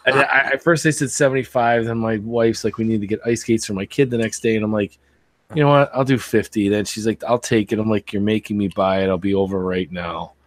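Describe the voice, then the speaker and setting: A man's voice: lowish voice, fairly even intonation, fast, few pauses, dry recording. A man co-hosting a podcast, telling a rambling story in casual chat and quoting people as he goes. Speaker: podcast co-host.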